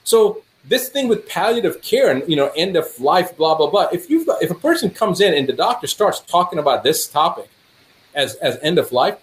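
A man, a doctor, telling stories in conversation, acting out dialogue with a rising voice. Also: moderate pace. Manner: animated, acts out dialogue with rising pitch. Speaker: doctor guest. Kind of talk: storytelling in conversation.

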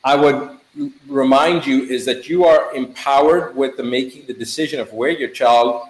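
A middle-aged man, a physician guest, talking in a casual chat in an animated, emphatic way, piling up words in lists. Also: medium pitch, normal speed, reverberant, low-quality recording.

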